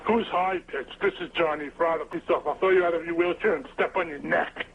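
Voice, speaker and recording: A gruff, menacing tough guy a man puts on over a dull phone line. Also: on the high side, steady tone, brisk, slight background noise. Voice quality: gruff put-on voice. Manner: insulting, trash-talking. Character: gruff, threatening tough-guy businessman, adult male. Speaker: caller.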